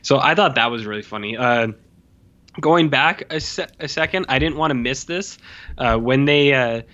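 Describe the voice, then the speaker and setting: A man talks through a film in loose, casual chat, full of fillers and quick impressions of the characters. His voice is bright and forward. The recording is slightly dull and lo-fi. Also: mid-range voice. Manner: rambling, many fillers, animated quoting of characters.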